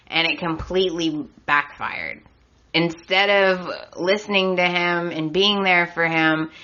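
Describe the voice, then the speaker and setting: A woman's voice: fairly low pitch, sharp tone, muffled recording. A woman hosting a podcast, chatty and opinionated with a sarcastic edge, recapping in a casual way. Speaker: podcast host.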